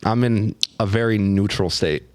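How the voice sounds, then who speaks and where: A man's voice: fairly low pitch, moderate pace, darkish tone, no room sound. A man in his late thirties hosting a podcast, talking bluntly and swearing casually as he jokes about himself. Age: 30s. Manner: blunt, profane, self-deprecating. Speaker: podcast host.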